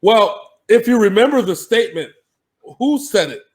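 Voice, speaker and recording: A man's voice: sits high, animated, normal speed, darkish tone. A man co-hosting a sports podcast, talking casually and animatedly, laughing and swearing freely.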